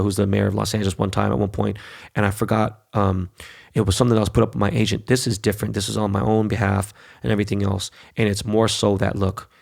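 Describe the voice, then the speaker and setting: A man in his forties hosts a podcast in loose, casual chat. His low voice carries a gravelly fry, and he tells stories with animation, swearing freely and mimicking others in raised voices. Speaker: podcast host.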